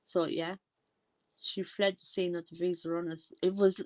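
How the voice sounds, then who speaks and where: A chatty Irish woman who makes commentary videos speaks in a fairly low, darkish voice with a level tone and moderate pace. She rambles casually, trailing off and circling back whenever she loses her thread.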